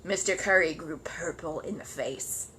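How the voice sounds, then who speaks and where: Bright, expressive woman reading aloud. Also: low voice, a little slow, slightly rough. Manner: expressive storytelling. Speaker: storybook reader. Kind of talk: reading a children's book aloud.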